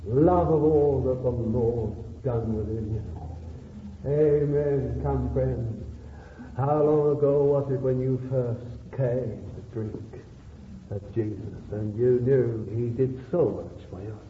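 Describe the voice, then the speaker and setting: A man's voice: medium pitch, slow, slight background noise. A man from England preaching a sermon, pleading with rhetorical questions and building into fervent exhortation. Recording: echoey, phone-like old sermon tape.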